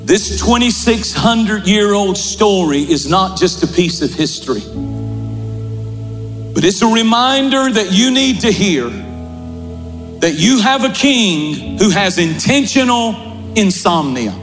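A male pastor preaching a sermon in a large church, building to shouts and slowing for dramatic pauses. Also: sits high, sing-song. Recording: large hall reverb with faint music.

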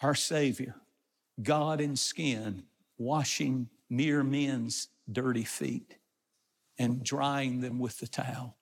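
A man delivers a sermon at an unhurried pace, moving between scripture passages and his own plain explanations. His voice sits in a middle pitch range. A long reverb trails each phrase, as if the recording was made in a large hall. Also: steady tone. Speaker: pastor.

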